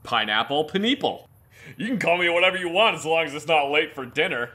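A man's voice: fairly high pitch, quick pace, pushed and bright. A man casually joking and chatting sarcastically while playing a game. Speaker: gamer. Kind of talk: casual gameplay chat.

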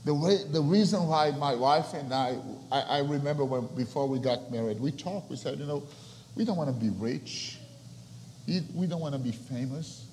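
A young man preaching a sermon as a pastor. He drops to soft, near-whispered lines, then builds to loud, soaring passages. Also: fairly high pitch, normal speed, slight background noise. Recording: long reverb of a large hall with faint ambience.

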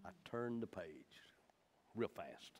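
A man's voice: low voice, expressive, slow, a little hiss or hum. A man teaching the Bible in a folksy, emphatic way, with personal stories.

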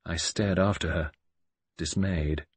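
A man's voice: low-pitched, fairly even intonation, slow, slightly rough. A man narrating an audiobook in the first person, reading dramatically and expressively.

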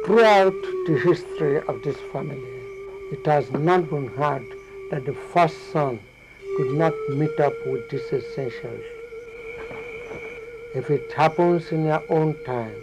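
An older man with a Nigerian accent playing a stern aging king who speaks slowly and gravely to his son. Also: on the high side, music in the background, poor audio. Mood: solemn. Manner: slow, grave pronouncements. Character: stern aging male king, solemn father. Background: film score.

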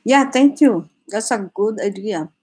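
A woman's voice: medium pitch, animated, measured pace, darkish tone, husky, low-quality recording. A woman hosting a live drawing stream, chatting casually with viewers, laughing often and restarting her sentences.

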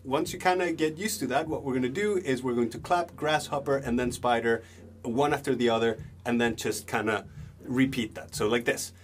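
A young man teaching a beginner drum lesson, relaxed, chanting rhythm words slowly as he claps and plays. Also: mid-range voice. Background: drums and backing music.

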